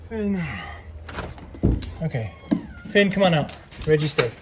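A man's voice: fairly high pitch, expressive, slow pace, background noise. A man hosting a dog vlog at home, chatting fondly and repeating commands to his dogs in the yard and house. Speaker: dog channel host. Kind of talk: casual vlog talk.

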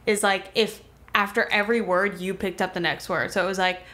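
Speaking a little fast in a mid-range voice, a Miami woman co-hosting a casual podcast rambles through a wild story. She's animated and leans heavily on fillers.

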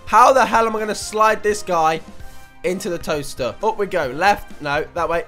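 A young man commentating a video game, panicking and shouting one moment, muttering to himself the next. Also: sits high, moderate pace, soft background music. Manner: shouty, panicky, swings between yelling and muttering. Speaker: gaming YouTuber. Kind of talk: excitable let's play commentary.

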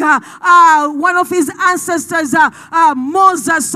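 A woman pastor preaching a passionate sermon in church, often shouting, with frequent "uh" fillers. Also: very high-pitched, takes it slowly, few pauses.

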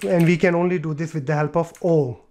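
A man explaining a software tutorial step by step, with fillers and repeated words as he clicks through. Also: fairly high pitch, steady tone, fairly quick. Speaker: tutorial presenter. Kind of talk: screen-recorded software tutorial.

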